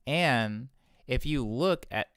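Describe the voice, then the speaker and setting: A man's voice: mid-range voice, lively intonation, takes it slowly, fairly bright tone, no room sound, studio quality. A man, a music producer, explaining his vocal chain step by step in a casual tutorial, stopping now and then to correct himself. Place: home music studio.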